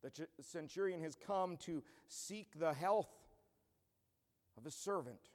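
A man pastor delivers an earnest, emphatic expository sermon in a fairly high voice. His speech carries a long reverb from a large church hall. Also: expressive, a little slow.

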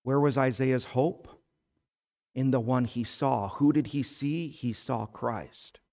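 Male pastor, unhurried emphatic sermon delivery, church hall echo. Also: medium pitch, warm tone. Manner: slow, emphatic preaching with rising fervor. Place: church sanctuary. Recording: long hall reverb.

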